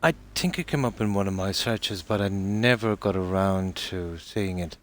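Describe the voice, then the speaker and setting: A man streaming a video game from home, chatting softly and unhurriedly with viewers about the game and his pets. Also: sits low. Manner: soft-spoken, talks quietly so sleeping dogs stay asleep; relaxed and unhurried, with fillers. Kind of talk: casual gameplay commentary. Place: home room.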